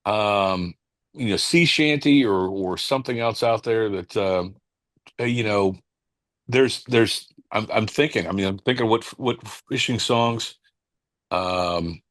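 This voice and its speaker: A man, a cigar company owner and podcast guest, telling stories in a casual interview, halting and restarting as he searches for words. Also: on the low side, dry recording. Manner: calm, unhurried anecdote telling.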